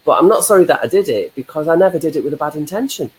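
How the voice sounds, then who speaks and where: A woman's voice: low-pitched, expressive, racing, darkish tone, poor audio. A woman co-hosting a casual live chat, who reflects and explains ideas through examples. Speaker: co-host, life coach.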